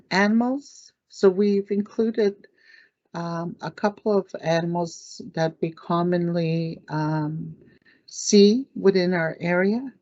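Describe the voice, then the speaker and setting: A woman teaching words in a language lesson, saying each word slowly, repeating it, and clearing her throat now and then. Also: on the low side, a little mellow, dry recording. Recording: dull lo-fi dry recording.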